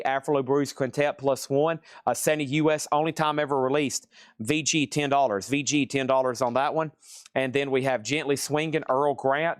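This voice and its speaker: A man hosting a live vinyl sale stream, quickly listing records, grades and prices, worn out after hours of nonstop talking. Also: mid-range voice, clean tone, no echo, clean studio sound. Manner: rapid-fire listing of records and prices, tired. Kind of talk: live sales stream patter.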